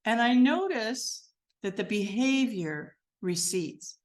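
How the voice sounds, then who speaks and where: An older woman minister giving a sermon, gentle and earnest, sinking to a soft, quiet voice as she leads a guided meditation. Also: expressive, unhurried. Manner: gentle, earnest and softly spoken, dropping low and quiet.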